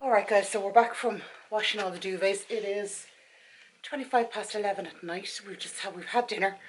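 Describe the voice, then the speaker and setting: A woman's voice: medium pitch, steady tone, brisk, background noise. A woman in her forties with an Irish accent, chatting to camera in her bedroom at night, out of breath and tired, rambling and correcting herself as she goes. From Ireland. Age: 40s. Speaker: vlogger. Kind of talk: casual chat to camera.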